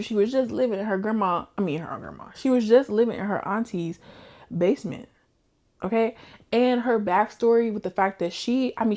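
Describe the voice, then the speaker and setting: Young woman, casual book-chat vlogger, lively slangy storyteller. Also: medium pitch. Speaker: book reviewer.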